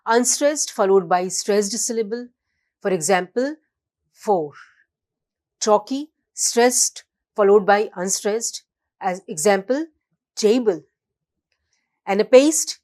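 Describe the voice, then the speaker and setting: A woman lecturing students at a slow, deliberate pace, leaving pauses between definitions. She reads out examples one by one and sometimes stops on a filler. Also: medium pitch, darkish tone. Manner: fillers, restarts. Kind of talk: recorded classroom lecture.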